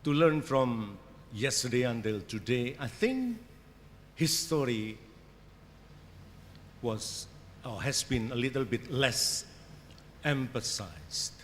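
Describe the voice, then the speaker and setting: Slow, hesitant Indonesian man in a hall. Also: mid-range voice, very animated, slight background noise. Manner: hesitant, many fillers and restarts. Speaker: conference keynote speaker. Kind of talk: academic lecture. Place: conference hall. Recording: hall reverb with faint ambience.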